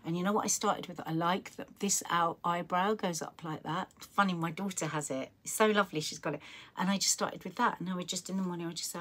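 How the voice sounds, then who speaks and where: A woman's voice: lowish voice, fairly even intonation, fast talker, fairly bright tone. A middle-aged woman hosting a live chat, reading out viewer messages and giving earnest, encouraging advice with many restarts. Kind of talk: heartfelt live-stream chat.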